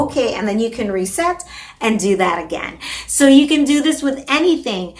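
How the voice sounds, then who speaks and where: A speech therapist with a fairly high voice and lively intonation speaks at a moderate pace. She walks parents through a language activity in an instructional video, modeling words with exaggerated sing-song delivery.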